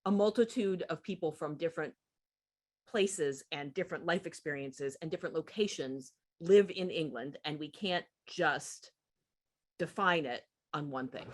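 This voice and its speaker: A woman's voice: low-pitched, moderate pace. A woman hosting an author event, affirming what the guest says and gathering the audience's questions together. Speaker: event host. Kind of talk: moderating a Q&A.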